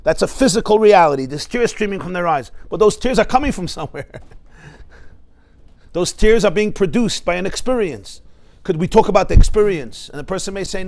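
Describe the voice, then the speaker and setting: A man's voice: high-pitched, animated, fairly quick. A man, a rabbi, teaching a Torah class, explaining terms and asking his listeners questions. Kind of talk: Torah lecture.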